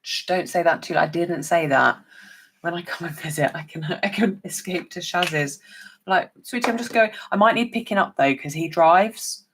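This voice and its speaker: A woman's voice: on the low side, moderate pace, noisy background. A woman demonstrating papercraft on a chatty live stream, talking to her viewers by name as she works. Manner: chatty, talks to viewers by name while working.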